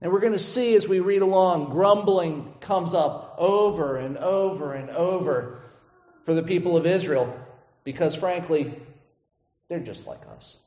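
A man's voice: high voice, a little slow, a little mellow. Man preaching in an echoey hall. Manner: conversational, asks the congregation "right?" often. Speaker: pastor. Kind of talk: sermon. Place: church sanctuary. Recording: echoey church hall, dull lo-fi sound.

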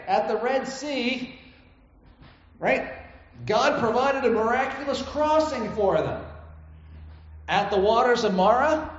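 A man with a high voice preaches a sermon in an easy, conversational manner and keeps checking in with "right?". The room is echoey, and the recording sounds a little dull. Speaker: pastor.

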